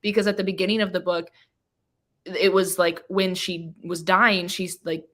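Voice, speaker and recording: Guest, female, lower voice, emotional rambling book talk full of restarts. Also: little pitch movement, moderate pace. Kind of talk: casual book discussion.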